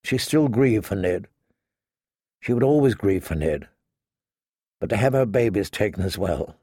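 A man narrating a fantasy audiobook in a measured, even storytelling manner. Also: fairly low pitch, slightly rough, dry recording, clean studio sound.

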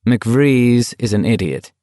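A man's voice: medium pitch, takes it slowly, mellow, dry recording, clean studio sound, natural voice. A man voicing a young male walker who taunts and needles his rival in a sly, mocking way. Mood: casual. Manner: sly, mocking, soothingly condescending.

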